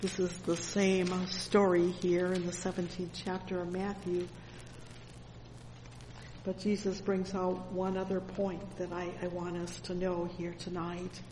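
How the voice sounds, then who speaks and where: Slow, fervent preacher in a reverberant hall. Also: mid-range voice, monotone, darkish tone, slight background noise. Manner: fervent, with constant "oh yes, praise the Lord" interjections; reads scripture verses aloud. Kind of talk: sermon. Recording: long church-hall reverb with faint ambience.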